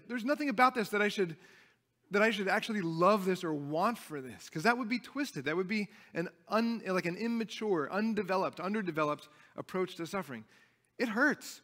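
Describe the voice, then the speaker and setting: A high, slightly bright voice belongs to a young adult pastor delivering a sermon. He keeps restarting his phrases, earnest and emphatic, while the church sanctuary adds a long reverb.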